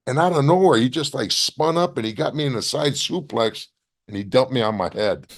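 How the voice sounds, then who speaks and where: A man, a former wrestler as interview guest, telling animated stories with blunt profanity. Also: medium pitch, fairly quick. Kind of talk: casual storytelling interview.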